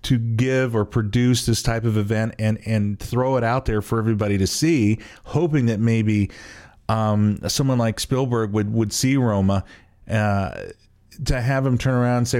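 A man's voice: lowish voice, fairly even intonation, moderate pace, a little mellow. Rambling male podcast host. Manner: rambling, self-mocking, trails off and restarts. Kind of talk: casual chat.

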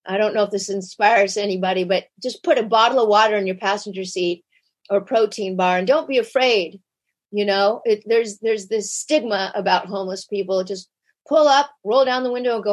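A woman guest in an interview, telling a personal story candidly and animatedly, acting out quoted lines. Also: a little fast. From United States. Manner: animated, shifts pitch sharply when acting out quotes. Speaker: podcast guest.

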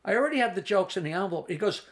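A comedian in his sixties tells long anecdotes in a relaxed interview, doubling back and adding asides. His voice is gravelly with a slightly raised pitch. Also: racing. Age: 60s. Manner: rambling anecdotes with asides and restarts. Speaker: comedian guest. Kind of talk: storytelling in a casual interview.

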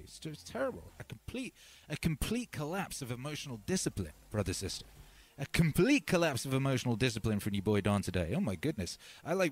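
Rambling man hosting a live stream. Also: medium pitch. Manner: rambling, animated, addresses viewers as brothers and sisters. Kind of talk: casual live-stream chat.

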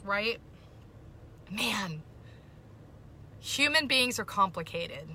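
A woman's voice: a little high, normal speed, sharp tone, a little hiss or hum. A middle-aged woman hosting a podcast, talking casually and emphatically to her listeners and repeating her key points. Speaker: podcast host.

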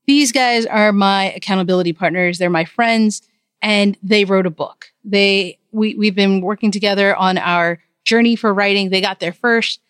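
A woman's voice: medium pitch, fairly even intonation, moderate pace, smooth, no room sound. Woman hosting her podcast, upbeat and chatty, dry close mic. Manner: upbeat and chatty, laughs easily. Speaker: podcast host. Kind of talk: casual interview chat.

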